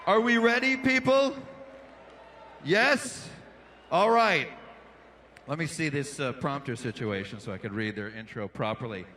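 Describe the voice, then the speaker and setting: A man's voice: fairly high pitch, lively intonation, a little slow, pauses often, bright, forceful tone, slight background noise. A male stand-up comedian and emcee, punchy and playful, riffing with a crowd on a big indoor arena stage through a handheld microphone.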